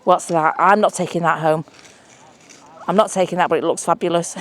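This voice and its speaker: A woman's voice: lowish voice, steady tone, brisk. A woman on a beach chatting casually and exclaiming over her finds as she searches the shore. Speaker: mudlarking vlogger. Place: outdoors on a beach.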